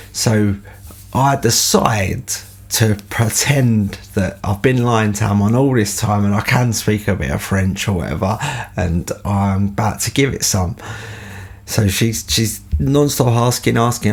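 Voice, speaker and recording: A man's voice: fairly low pitch, vocal fry, a little mellow. A man, telling a rambling story as a podcast host, full of fillers. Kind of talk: casual anecdote.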